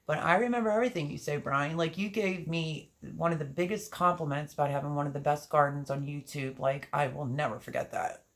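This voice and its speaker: A woman's voice: low voice, fairly even intonation, fairly quick. A woman hosting a gardening channel live stream, chatting casually and reading viewer comments aloud.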